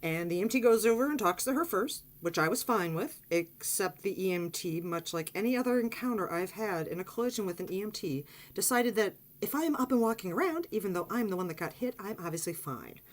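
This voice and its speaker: A woman casually telling a personal story on her vlog, animated and blunt, acting out quotes and swearing freely. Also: a little fast. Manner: animated, swearing, acts out quotes in high excited voice. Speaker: vlogger.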